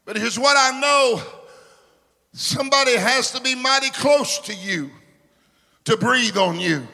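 A man, preaching a sermon, swinging from shouts to hushed asides. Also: very high voice, measured pace, vocal fry. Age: 50s. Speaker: pastor. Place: large church sanctuary. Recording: reverberant church hall.

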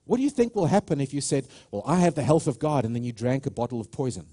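A man's voice: medium pitch, big pitch swings, fast talker, warm tone. A man preaching a sermon with passion, stressing his points and often restarting his sentences. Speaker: pastor.

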